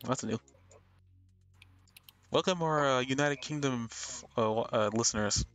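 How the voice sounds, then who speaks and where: A man's voice: medium pitch, measured pace, a bit bright. Podcast host guy, kinda hesitant, trips over words a lot, faint music in the back. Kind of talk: casual chat.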